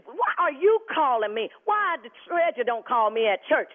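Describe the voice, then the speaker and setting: A woman's voice: high voice, very animated, normal speed. A woman on the phone, indignant and defensive, arguing back hard against a prank caller. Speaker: prank call target. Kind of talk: heated phone argument. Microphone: telephone. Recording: tinny phone line.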